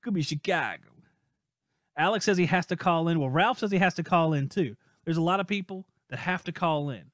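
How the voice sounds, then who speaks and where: A man's voice: on the high side, fairly bright tone, dry recording, clean studio sound. Upbeat man hosting a trades podcast. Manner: playful, reads out listener messages and teases guesses. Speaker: podcast host. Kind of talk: casual live-stream podcast chat.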